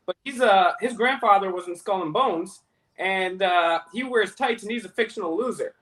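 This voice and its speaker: A man hosting an interview over a video call, keen and restless, and given to cutting in. His voice sits high and rings with a bright, forceful edge. The feel is of casual chat between two people far apart. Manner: rapid, over-eager, interrupts often. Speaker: interview host.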